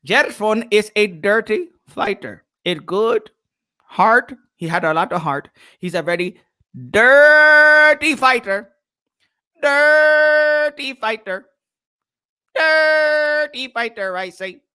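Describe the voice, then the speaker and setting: A man putting on a cheerful boxer who speaks broken English, shouting and drawing out his words. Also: very high-pitched, expressive, slow, clean tone, voice pushed up, heavily acted. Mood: playful.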